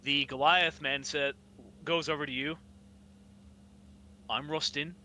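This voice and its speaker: A man narrating a tabletop game as game master, slow and descriptive, often coughing. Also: fairly high pitch, fairly even intonation, pushed and bright, slight background noise. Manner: slow, descriptive, with frequent coughs and throat-clearing.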